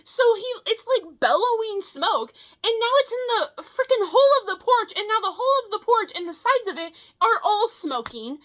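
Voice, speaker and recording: Young woman rambling thru a wild story, high bright voice, swears a lot, lots of um and like. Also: moderate pace, hardly any pauses. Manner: animated, swears freely, many fillers. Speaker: vlogger. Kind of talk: casual storytelling.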